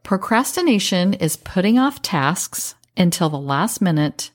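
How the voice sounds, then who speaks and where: A woman hosting a podcast, giving calm self-help advice and acting out short example phrases. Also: fairly low pitch, unhurried, no echo, clean studio sound. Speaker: podcast host.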